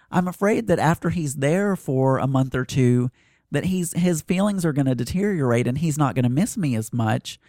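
Man, podcast host, rambling monologue, hesitant, self-deprecating, mid-pitched voice, dry recording. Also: animated, moderate pace, dark tone, no room sound. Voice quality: hesitant, full of fillers and restarts.

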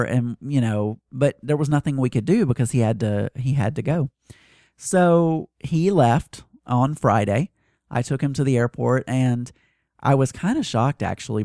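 A man's voice: mid-range voice, mellow, no room sound, clean studio sound. A man hosting a personal podcast, talking through his worries in a hesitant, self-deprecating ramble. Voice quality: hesitant, full of fillers and restarts. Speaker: podcast host.

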